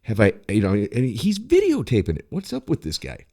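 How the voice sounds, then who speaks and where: A man's voice: mid-range voice, huge pitch swings, a little fast, warm tone. A man ranting bluntly in casual podcast chat, swearing freely. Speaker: podcast co-host.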